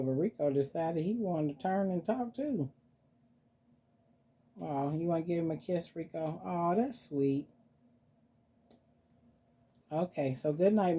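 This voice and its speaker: A woman hosting a casual vlog, talking softly and playfully to her dolls as if they were children. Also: low-pitched, husky. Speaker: doll collector vlogger. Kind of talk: casual doll-play vlog.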